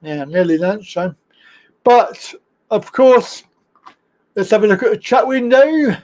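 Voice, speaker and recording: Man, high voice, live stream host, casual chatty rambling, laughs at own mistakes. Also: expressive, slow, darkish tone. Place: home studio, in Thailand.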